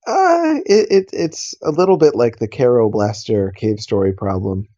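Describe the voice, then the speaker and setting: A man co-hosting a comedy podcast, making dry, deadpan asides. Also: mid-range voice, normal speed, highs cut off. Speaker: podcast co-host.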